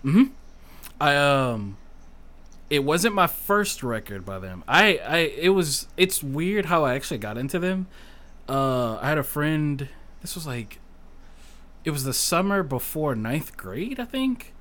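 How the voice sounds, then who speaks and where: A podcast guest in his thirties tells stories in casual chat, animated and self-deprecating, swearing freely along the way. His voice is fairly high and his pace measured.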